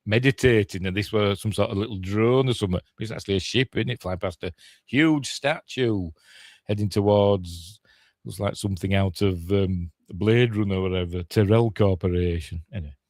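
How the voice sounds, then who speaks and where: A man's voice: fairly low pitch, normal speed, darkish tone, no room sound. An older man with a Yorkshire accent, chatting casually as a podcast host reacting to a film trailer, grumbling and mocking himself.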